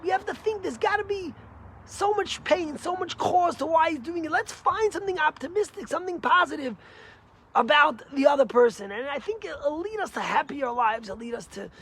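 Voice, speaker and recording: A man, a rabbi, giving a short Torah lesson through stories, animated and emphatic with big swings in pitch and loudness. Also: moderate pace. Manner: energetic, emphatic.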